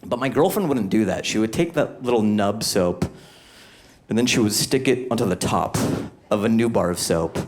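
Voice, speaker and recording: Guy doing standup on a club stage, super lively pitch, acts stuff out. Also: normal speed. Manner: animated, acts out voices and groans. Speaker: stand-up comedian. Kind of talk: stand-up comedy set. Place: comedy club stage with audience laughter.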